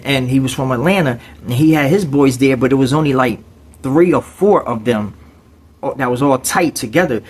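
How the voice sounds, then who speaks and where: A man's voice: mid-range voice, breathy edge. A man telling a story in casual, streetwise slang, with frequent conversational asides.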